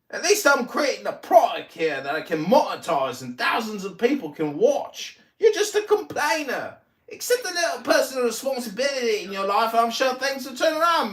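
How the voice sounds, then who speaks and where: A man in his forties hosting a livestream, taunting and mocking an opponent with loud, profane outbursts in a heated argument. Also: high-pitched. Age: 40s. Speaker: livestream host.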